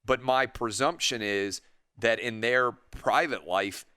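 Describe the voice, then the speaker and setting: A man hosting a radio talk show, talking in a rambling, animated way and acting out imagined conversations. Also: mid-range voice, takes it slowly, clean tone, no echo. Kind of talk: opinionated radio monologue. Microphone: studio microphone.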